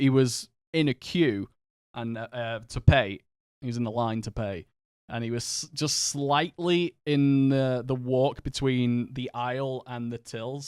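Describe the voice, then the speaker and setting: A man's voice: medium pitch, clear, resonant tone, dry recording. Dry, chatty Northern English man. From England. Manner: chatty, rambling, quick to laugh and swear. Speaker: streamer. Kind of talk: casual live-stream chat while gaming.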